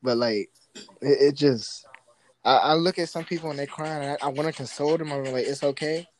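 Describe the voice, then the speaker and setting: A man's voice: a little high, a little fast, a little mellow, poor audio. A man co-hosting a casual podcast, joking around and acting out little quotes. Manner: playful, jokey, acts out little quotes. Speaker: podcast co-host.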